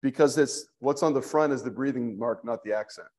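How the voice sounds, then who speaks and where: A man teaching a Greek language class in a church classroom, slow and patient, thinking aloud with fillers as he explains. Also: medium pitch, a little mellow.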